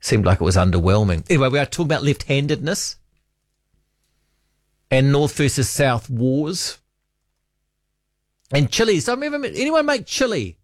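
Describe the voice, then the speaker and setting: A man's voice: mid-range voice, big pitch swings, moderate pace, pauses often, no room sound, clean studio sound. A man hosting talkback radio, chatting casually and reading out listener texts, often trailing off with hesitant ums.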